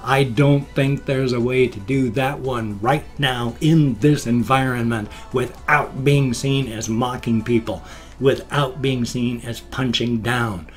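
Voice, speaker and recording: A man's voice: medium pitch, steady tone, slow, faint music behind. Rambling middle-aged male vlogger. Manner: rambling, chatty, jumps between topics. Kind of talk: casual daily vlog chat.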